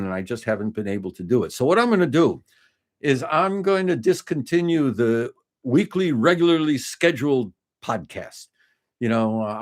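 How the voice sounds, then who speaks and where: A man in his fifties hosting a casual home livestream, rambling through restarts and fillers as he talks to his viewers. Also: medium pitch. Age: 50s. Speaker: livestream host. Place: home desk, indoors.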